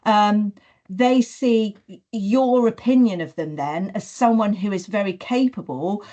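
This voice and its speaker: A woman's voice: mid-range voice, a little slow, dark tone, dull audio. Earnest woman giving a webinar. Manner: earnest, many "you know" fillers, acts out classroom sentences. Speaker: teacher trainer hosting a webinar. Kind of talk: webinar talk on teaching.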